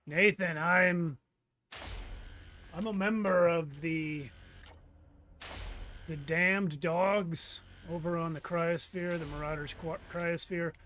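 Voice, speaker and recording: A man's voice: fairly high pitch, fairly even intonation, sharp tone, a little hiss or hum. A man playing a formal condemned gang member. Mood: businesslike. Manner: formal, hesitant, measured. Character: grim condemned male gang member, businesslike. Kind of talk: voicing characters in a tabletop game.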